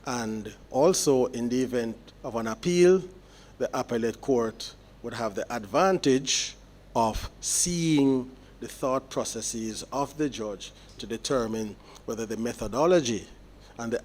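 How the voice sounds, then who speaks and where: Pausing deliberately as he explains, a male judge gives sentencing remarks in court in a measured way. He has a mid-range voice with a darkish tone.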